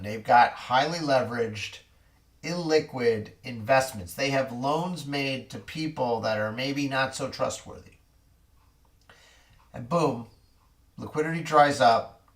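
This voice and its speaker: A man's voice: medium pitch, creaky. A man giving casual market commentary in a rambling, wry way with corny jokes, a little distant from the mic.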